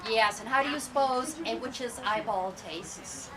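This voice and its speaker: A woman storyteller telling a tale to children in an animated way, quizzing the audience as she goes, filmed from afar on an outdoor festival stage. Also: on the high side, a little slow. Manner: animated, asks the audience questions. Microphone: far camera. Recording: distant camera, outdoor crowd noise.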